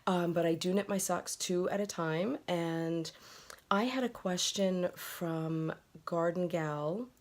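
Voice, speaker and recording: A woman's voice: lowish voice, slow pace. Chatty woman knitting-podcast host. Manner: chatty, giggly, full of fillers and asides; drops to a whisper while handling things. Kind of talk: casual video podcast chat. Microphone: camera mic, moves around off camera.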